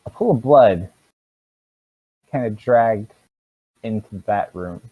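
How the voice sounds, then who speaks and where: A man's voice: fairly low pitch, animated, slow pace, husky, no room sound. A man narrating a tabletop game as game master, in a loose way with fillers. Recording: tinny phone-like audio.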